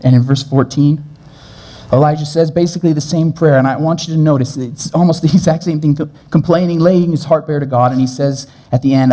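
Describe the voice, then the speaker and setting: A male pastor delivering a sermon in a church, his voice mellow and a touch higher than most men's. He speaks earnestly, sometimes hurrying through a point and then slowing right down to land a gentle line. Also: fairly even intonation. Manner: earnest, shifts between brisk and slow gentle delivery.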